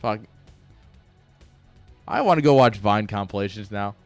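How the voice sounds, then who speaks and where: A man's voice: fairly low pitch, a little slow, no room sound, faint music behind. A man casting a strategy game on a live stream, rambling off-topic, joking and swearing freely. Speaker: game caster. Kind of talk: casual live-stream commentary.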